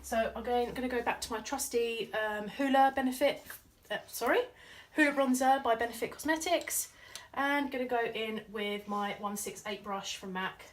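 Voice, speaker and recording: A woman's voice: fairly high pitch, moderate pace. Chatty woman doing makeup. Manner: chatty, playful, giggly asides. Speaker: makeup artist. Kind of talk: casual tutorial chat while working. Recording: slightly distant mic with faint noise.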